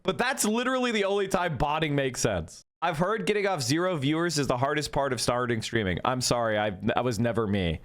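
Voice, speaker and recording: A male streamer with a slightly raised pitch and a very lively, swinging delivery. He argues sarcastically in loose, casual stream talk. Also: brisk, few pauses. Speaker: streamer in a played clip.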